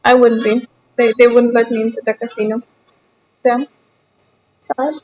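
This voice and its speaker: A woman's voice: a little high, level tone, normal speed, a little mellow, muffled recording, slight background noise. A young woman streaming a game from her sofa at home, chatting casually and answering her chat aloud in a playful, defensive way. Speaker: gaming streamer.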